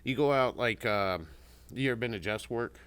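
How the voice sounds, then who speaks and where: A man's voice: mid-range voice, normal speed, fairly bright tone, smooth. A man chatting casually, rambling through stories and acting out what others said. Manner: rambling storyteller, acts out quotes. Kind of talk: casual chat.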